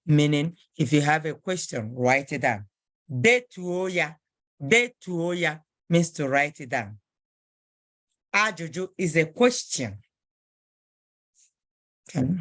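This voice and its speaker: A woman's voice: sits low, a bit bright, no echo. A woman teaching a language lesson, patiently repeating phrases word by word.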